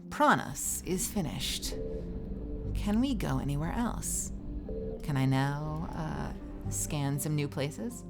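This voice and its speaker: A woman streamer chatting playfully through live gameplay commentary, with bursts of squealing and yelling. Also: sits low, animated, slow pace, gravelly, music in the background.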